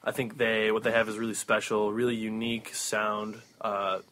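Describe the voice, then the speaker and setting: A man's voice: lowish voice, little pitch movement, moderate pace, a bit bright. A man, a band member guest, chatting easygoingly about music he likes. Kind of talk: casual chat.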